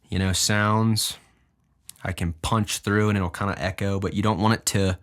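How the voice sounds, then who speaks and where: Young male podcast host, fairly low voice, lively casual delivery with a swinging pitch. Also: soft background music. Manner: animated, deliberately shifts his pitch up and down. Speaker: podcast host and music producer. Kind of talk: casual podcast talk explaining his own music.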